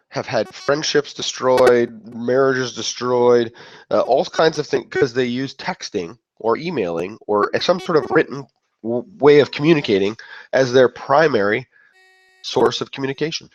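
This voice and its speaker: A man giving a casual motivational talk, rambling and breaking off mid-thought, acting out other people's reactions. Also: mid-range voice. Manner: rambling, self-interrupting, acts out quoted reactions. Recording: dull lo-fi dry sound.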